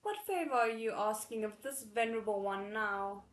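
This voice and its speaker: A woman's voice: mid-range voice, moderate pace, echoey room, recorded from a distance, lightly acted, poor audio. A woman voicing a pompous little paper dragon. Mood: boastful. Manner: pompous, calls itself the venerable one. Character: tiny boastful male paper dragon, chatty and melodramatic.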